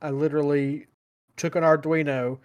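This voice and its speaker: A man's voice: a little high, flat delivery, moderate pace, clear, resonant tone. A man co-hosting a podcast, telling rambling stories in casual chat and laughing at them. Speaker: podcast co-host.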